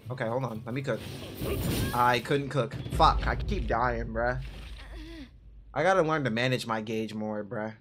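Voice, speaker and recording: A man's voice: medium pitch, unhurried, pauses often. A man commenting on his own gameplay as a streamer, frustrated and cursing at enemies while he plays. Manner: frustrated, swearing, talking to the game. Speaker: gaming streamer. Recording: game music loud behind voice. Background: game music.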